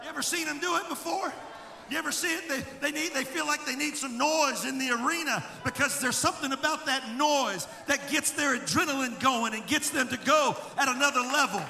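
A pastor preaching a fiery sermon to his congregation, dropping to quiet asides and then building into shouted calls. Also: very high-pitched, fairly quick, creaky. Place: church sanctuary with congregation. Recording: echoey church hall with congregation noise.

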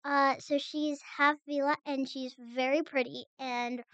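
Slow halting teen girl, dull sound. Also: high-pitched, steady tone, a bit bright, dry recording. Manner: halting, searching for words. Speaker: guest. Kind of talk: casual chat.

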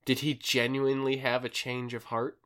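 A man on his podcast recaps an episode casually, wandering through it with plenty of fillers. His delivery is completely flat at a medium pitch, with a moderate pace and a fairly bright tone.

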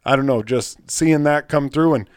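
A man hosting a podcast, telling stories in a rambling, excitable way with casual cursing. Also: medium pitch, moderate pace, clean tone, dry recording, clean studio sound. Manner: rambling, excitable storyteller with mild swearing. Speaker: podcast host. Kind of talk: casual chat.

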